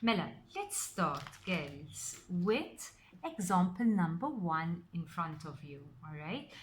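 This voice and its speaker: Slow, lively-voiced woman teaching maths. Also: lowish voice, slight background noise. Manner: slow, step-by-step, stresses key words. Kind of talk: recorded maths lesson explanation.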